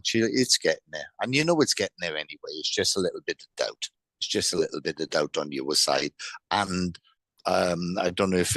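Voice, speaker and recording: A man's voice: deep voice, creaky, fairly bright tone, dry recording. A man giving a live mediumship reading who stumbles and repeats his words often and passes on spirit messages as quoted speech. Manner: halting, repeats words, many restarts. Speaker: psychic medium.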